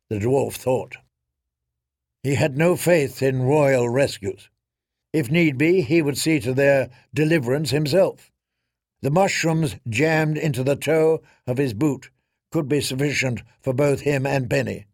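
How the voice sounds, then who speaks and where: Male audiobook narrator: unhurried, gravelly, dry studio read. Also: mid-range voice, a little mellow, dry recording. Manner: measured, dramatic storytelling.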